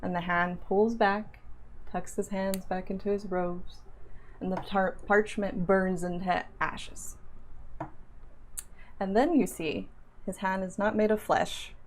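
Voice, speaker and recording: Steady monotone woman narrating as game master. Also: mid-range voice, slow, long pauses, slight background noise.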